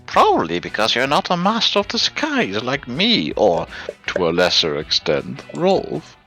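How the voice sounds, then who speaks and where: A man's voice: medium pitch, wildly swooping pitch, measured pace, sharp tone, faint music behind. A man playing a story game with a friend, chatting casually with dry jokes. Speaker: guest player. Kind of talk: casual chat while gaming.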